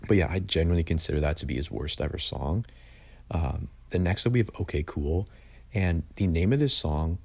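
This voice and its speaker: Young man with a low husky voice. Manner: opinionated, blunt, says "like" often. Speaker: music reviewer. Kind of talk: casual album ranking review.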